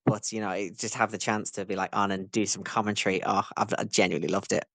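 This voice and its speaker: A man giving excitable football-style play-by-play commentary on a video game as a guest. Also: lowish voice, fast, vocal fry, no echo. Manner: excitable, rising to shouts at big moments.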